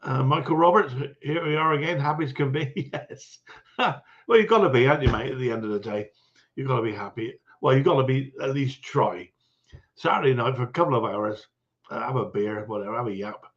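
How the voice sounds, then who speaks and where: A man's voice: mid-range voice, brisk, muffled recording. A man hosting a casual livestream chat, greeting viewers one by one with frequent chuckles. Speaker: livestream host.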